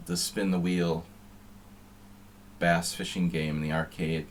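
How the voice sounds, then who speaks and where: A man's voice: sits low, flat delivery, a little slow, slight background noise. A man streaming chess, chatting in a rambling, wry, offhand way between moves. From United States. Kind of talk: casual chat while playing online chess.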